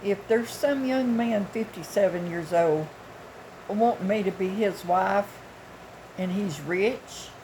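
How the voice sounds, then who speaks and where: A woman's voice: mid-range voice, slow, mellow, slight background noise, rough recording. Blunt, folksy woman in her sixties. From United States. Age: 60s. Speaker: vlogger. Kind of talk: casual storytelling.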